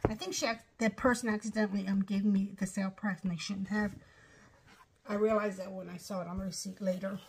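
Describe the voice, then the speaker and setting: A woman's voice: medium pitch, fairly even intonation, fairly quick, slight background noise. A middle-aged woman from Ohio gives a casual, rambling show-and-tell of her craft project, with apologetic asides. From Ohio, USA. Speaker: craft vlogger.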